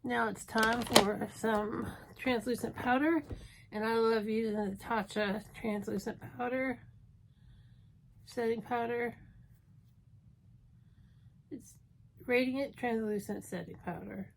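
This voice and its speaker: A woman's voice: fairly high pitch, fairly even intonation, slow, vocal fry, pauses often, slight background noise. A woman in her fifties chatting casually through a makeup tutorial, joking at her own expense as she works. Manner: chatty, self-mocking, thinking aloud while applying makeup. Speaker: beauty vlogger.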